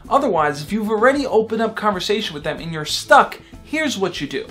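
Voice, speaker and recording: A man's voice: high-pitched, big pitch swings, brisk, a bit bright, soft background music. A young man hosting a vlog, giving dating advice in an upbeat, direct coaching tone.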